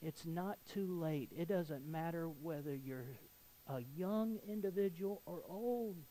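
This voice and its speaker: A man preaching to his congregation in a slightly high voice. He moves from soft, confiding appeals to emphatic exhortation, pressing every point home. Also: measured pace, rough recording. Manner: earnest, rising to emphatic exhortation. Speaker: pastor. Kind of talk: sermon.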